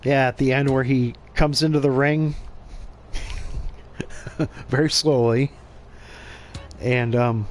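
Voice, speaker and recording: A man hosting his own gaming channel, talking casually over his play. He rambles from topic to topic, swears freely, and breaks into chuckles. His voice sits at an ordinary pitch with faint noise in the background. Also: fairly even intonation, takes it slowly, pauses often. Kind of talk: casual gameplay commentary.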